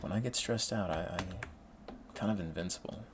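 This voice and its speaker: A man's voice: deep voice, normal speed, noisy background. A man chatting casually at home while studying and gaming, rambling with self-mocking asides. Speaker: vlogger studying for an exam.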